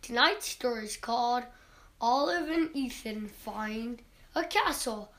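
A woman hosting a children's story show, introducing tonight's story in a gentle, inviting way. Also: on the high side, animated, slow pace. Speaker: host.

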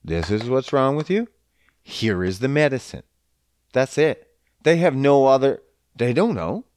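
A man's voice: mid-range voice, a little slow, dry recording. Guy going off on a sweary rant, voice jumping all over, dead dry mic. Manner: profane, animated ranting with mocking voices. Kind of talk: casual ranting monologue.

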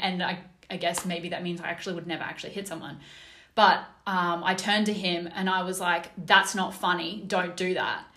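A woman's voice: on the low side, a bit bright, echoey room. A woman telling a story in casual chat, with many fillers and restarts.

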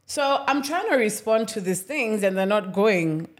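A young woman with a Kenyan accent, a podcast co-host telling a story in casual chat, animated, swearing freely and slipping in Swahili. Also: mid-range voice, a little slow.

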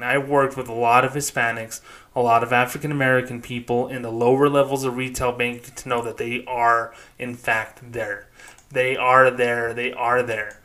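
A man's voice: medium pitch, fairly bright tone. Blunt, sarcastic man hosting a podcast. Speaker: podcast host. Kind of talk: opinionated commentary podcast.

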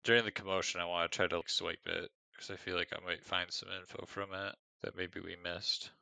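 A man's voice: deep voice, level tone, fairly quick, creaky, sharp tone, no room sound, low-quality recording. A man playing a tabletop game, talking casually and a bit hesitantly, partly in character. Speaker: player.

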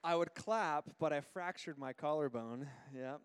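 A man's voice: a little high, a little slow, smooth. A man in his thirties, a pastor giving a casual sermon, telling stories with lots of fillers and restarts. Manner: chatty, storytelling, many fillers and restarts. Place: church auditorium. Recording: long hall reverb.

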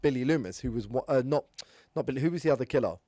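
A man's voice: mid-range voice, rapid-fire, mellow, no echo, studio quality. A man chatting casually about films, explaining at length with many restarts. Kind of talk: casual film discussion.

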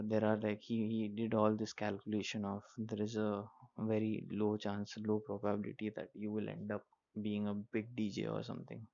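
A man with a sore throat, talking slowly and quietly in a casual solo monologue, full of fillers and restarts. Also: gravelly. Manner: slow and low-voiced, many fillers and restarts. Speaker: podcast host. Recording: dull lo-fi recording.

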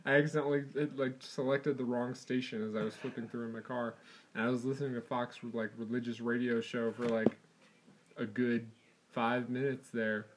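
A man's voice: medium pitch, little pitch movement, moderate pace, slight background noise. A man in casual chat, wryly telling a story about something odd he heard.

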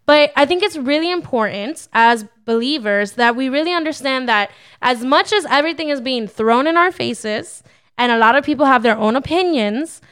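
On a casual Christian podcast, a young adult female co-host talks in a high, smooth, somewhat bright voice. She keeps things upbeat with frequent laughter, though she leans a bit preachy.

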